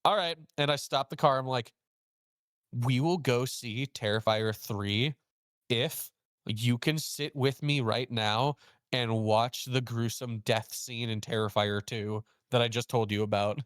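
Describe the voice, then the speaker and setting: A man's voice: measured pace, no room sound, studio quality. A young man hosting a casual chat, telling a story and acting out both sides of the dialogue. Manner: animated, acts out quoted dialogue with pitch jumps. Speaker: host.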